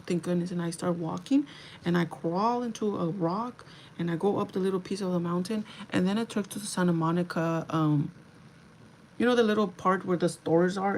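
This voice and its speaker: Gravelly-voiced woman telling a story casually. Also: lowish voice, slight background noise, rough recording. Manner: chatty, animated, lots of "like". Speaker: livestreamer.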